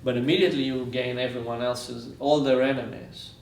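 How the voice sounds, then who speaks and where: A man's voice: mid-range voice, steady tone, a little fast, vocal fry, echoey room, slight background noise. A man from Israel giving a lecture, telling stories earnestly and repeating phrases for weight, recorded from far off in a university lecture room. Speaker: guest lecturer. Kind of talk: storytelling lecture.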